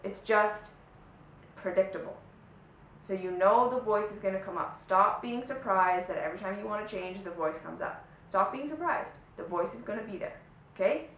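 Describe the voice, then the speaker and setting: A woman giving a motivational self-help talk to camera, earnest and often checking in with "right?" and "okay?". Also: a bit bright. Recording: echoey room, slightly distant mic, faint rumble.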